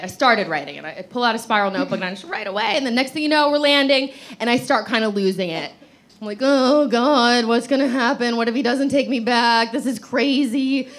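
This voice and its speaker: A woman telling a funny personal story to a live audience in an animated, breathless way, often laughing as she acts out her own thoughts. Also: medium pitch. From Los Angeles. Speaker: comedic storyteller.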